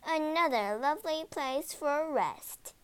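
A woman's voice: high-pitched, big pitch swings, measured pace, a bit bright, dry recording, heavily acted. A woman voicing a harsh, bossy stepmother in a read-aloud storybook, snapping her lines. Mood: falsely cheerful.

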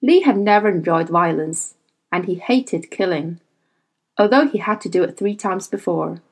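A woman reading a novel aloud as audiobook narrator, measured and expressive. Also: on the low side, husky, rough recording. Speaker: audiobook reader. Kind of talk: scripted narration.

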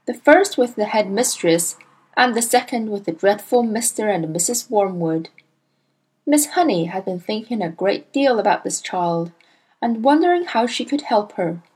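A woman reading a children's storybook aloud in a measured, expressive way. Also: medium pitch, slightly rough, rough recording. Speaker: narrator.

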